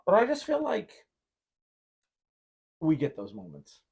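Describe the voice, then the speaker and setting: A man's voice: sits high, wildly swooping pitch, takes it slowly, creaky, darkish tone, breathy edge. A man hosting a podcast in casual chat, telling a long rambling story full of "like" and acting out his own past reactions. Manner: heavy use of filler "like". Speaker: podcast host.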